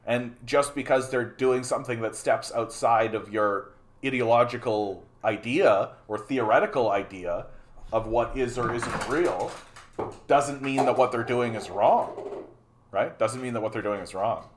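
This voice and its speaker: A man's voice: medium pitch, a little slow. A man hosting a political livestream. He talks in a heated, profane way, repeats himself and stumbles over restarts. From Canada. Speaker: livestream host.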